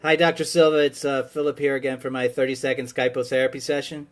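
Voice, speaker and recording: Speaking fast in a flat, medium-pitched voice, a man delivers a comedic monologue as a patient in a sketch. He pours out rambling, exasperated stories to a therapist on a video call, rising to a pleading tone.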